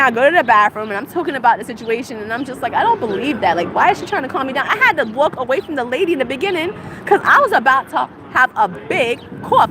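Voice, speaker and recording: Upset lady with a dry cough ranting on the street, high swooping voice, traffic noise behind. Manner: upset, repetitive rhetorical questions. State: dry cough, clearing throat. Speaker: vlogger. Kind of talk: venting vlog monologue. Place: outdoors on a city street, heading to a train.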